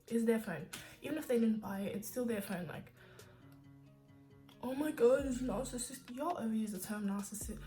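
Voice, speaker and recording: A woman's voice: a little high, darkish tone. A young woman vlogging in a casual, sassy, opinionated rant, full of fillers like "like" and "you know.". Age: young adult. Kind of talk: casual ranting vlog.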